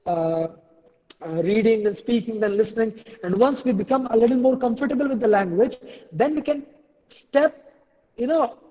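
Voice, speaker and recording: Man, very high voice, dull echoey webinar audio, instructive. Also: dark tone. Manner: earnest, instructive, frequent "you know". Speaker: language course facilitator. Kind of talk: online lesson.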